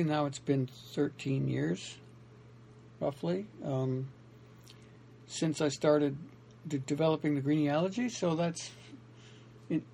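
This man's voice is fairly high yet dark-toned with vocal fry, and slight background noise is present. An independent writer and vlogger, he talks solo to his audience in a meandering way, frequently self-correcting, restarting, and using fillers.

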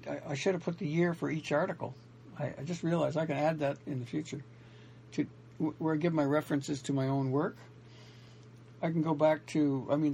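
A man's voice: on the high side, gravelly, darkish tone, slight background noise. A man talking alone to his audience in a meandering way, correcting himself often and restarting his sentences. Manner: meandering, self-correcting, many restarts and fillers. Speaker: independent writer and vlogger. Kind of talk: rambling solo talk to camera.

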